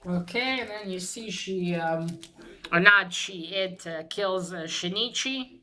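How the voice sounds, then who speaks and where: Bright-voiced woman recapping a manga. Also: lowish voice. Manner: rambling, halting, many fillers and restarts; swears casually. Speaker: manga reviewer. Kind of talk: casual plot recap and book showing.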